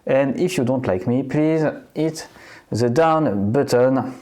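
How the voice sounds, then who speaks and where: A man with a French accent reviewing e-readers in a vlog, speaking hesitantly with many filler pauses. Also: medium pitch, dark tone.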